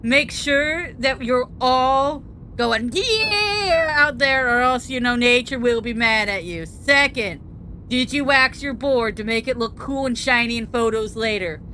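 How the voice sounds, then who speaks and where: A woman's voice: high voice, a little slow, sharp tone, slight background noise. A woman voicing a laid-back male surfer dude instructor with a drawling, rambling, goofy way of talking. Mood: mellow.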